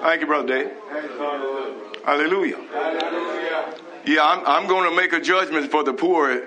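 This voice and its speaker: A man's voice: on the high side, normal speed, over a noisy crowd. A man preaching a fervent, scolding sermon on a live broadcast, reading scripture and breaking into hallelujahs. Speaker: pastor.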